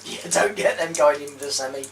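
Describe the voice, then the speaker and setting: A man's voice: on the high side, steady tone, a little fast. A man playing a tabletop game, joking and teasing the others. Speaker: player. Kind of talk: casual tabletop play. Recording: distant, noisy table recording.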